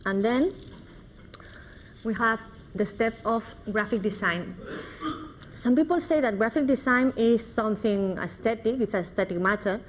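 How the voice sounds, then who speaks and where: A woman lecturer explains her points in a measured, unhurried way, pausing as she goes. A faint hum of the room sits behind her voice. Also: a little high. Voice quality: measured, explanatory delivery with pauses. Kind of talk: conference presentation.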